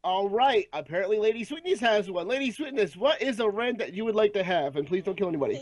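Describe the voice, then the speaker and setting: A crude, self-mocking man bantering on a podcast, with a high voice that jumps around. He keeps things loose and jokey. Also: lively intonation, fast talker, no room sound. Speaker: podcast co-host.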